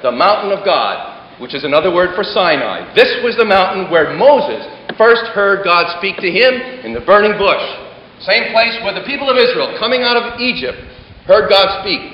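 A man preaching a sermon to a congregation, building to dramatic emphasis and then dropping to a hush. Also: high-pitched. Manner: dramatic, swelling emphasis and sudden hushed drops. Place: large hall before a congregation. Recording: echoey hall, muffled, faint hiss.

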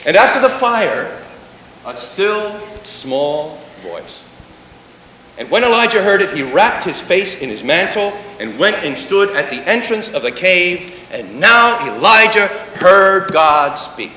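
A man preaching a sermon to a congregation, building to dramatic emphasis and then dropping to a hush. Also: high voice, very animated, measured pace. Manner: dramatic, swelling emphasis and sudden hushed drops. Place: large hall before a congregation. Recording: echoey hall, muffled, faint hiss.

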